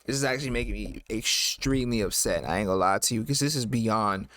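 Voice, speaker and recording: A man's voice: fairly low pitch, fast, fairly bright tone, no echo, clean studio sound. A man hosting a reaction video in casual commentary. He talks emphatically, repeats himself and swears freely.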